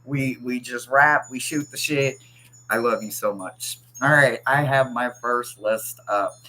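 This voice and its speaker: A chatty host of a tarot livestream with a mid-pitched voice. They talk loosely, greeting and teasing viewers between laughs. Faint wind chimes tinkle softly behind the voice. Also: a little slow, poor audio. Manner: chatty, teasing, laughs often, reads chat aloud. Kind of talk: casual livestream chat.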